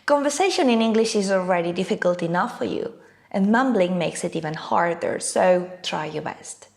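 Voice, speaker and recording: Lively, emphatic woman English teacher. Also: fairly low pitch, moderate pace. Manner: clear, emphatic teaching delivery. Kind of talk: scripted online lesson.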